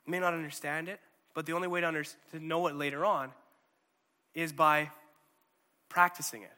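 A man preaching a sermon in a conversational, animated way, often checking in with his listeners. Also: on the high side, normal speed, big-room sound.

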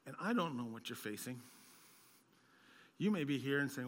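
A man preaching a sermon as a pastor, telling stories and rising to loud, emphatic peaks. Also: mid-range voice, fairly quick, in a large hall.

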